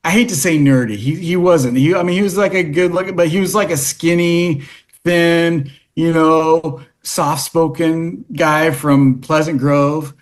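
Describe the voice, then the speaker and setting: A man in a casual podcast chat tells stories in a rambling way, restarting sentences and leaning on fillers. His voice sits a little high for a man, and he gets animated as he recounts events. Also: unhurried. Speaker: podcast guest. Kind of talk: casual storytelling.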